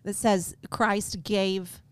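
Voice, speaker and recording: A woman's voice: medium pitch, fairly even intonation, drawn-out words, clear, resonant tone, no echo. A woman co-hosting a faith podcast, explaining things steadily in casual conversation. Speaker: podcast co-host.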